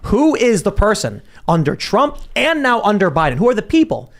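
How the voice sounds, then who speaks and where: A man's voice: sits high, huge pitch swings, normal speed. A man hosting a political panel podcast, talking in an emphatic, indignant way. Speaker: podcast host.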